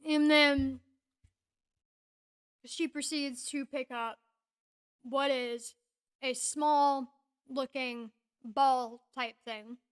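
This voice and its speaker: A woman's voice: sits high, steady tone, very slow, long pauses, clean tone. A woman narrating a tabletop game as game master, casual and rambling with fillers.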